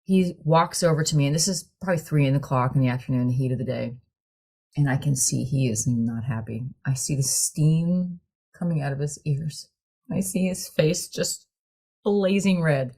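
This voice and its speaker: Low-voiced woman telling a story. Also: moderate pace, husky. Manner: animated storyteller who laughs often. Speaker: choir director. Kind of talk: storytelling in a group conversation.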